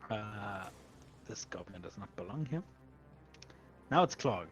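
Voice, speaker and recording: A man narrating a tabletop game as game master, telling the action in a lively way and laughing often. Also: on the low side, a little slow, over music.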